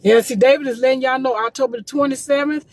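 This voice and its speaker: A woman's voice: high-pitched, fairly even intonation, quick pace, darkish tone, dry recording. A woman promoting gospel music in a casual livestream, urging listeners with emphatic, repetitive preachy calls.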